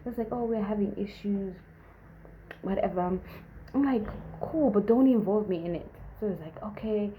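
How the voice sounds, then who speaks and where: A woman's voice: normal speed, phone-quality sound, a little hiss or hum. A young woman from Zimbabwe casually telling a storytime tale, acting out the other people's lines with big jumps in her voice. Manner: animated, acts out quotes with big pitch jumps. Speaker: vlogger.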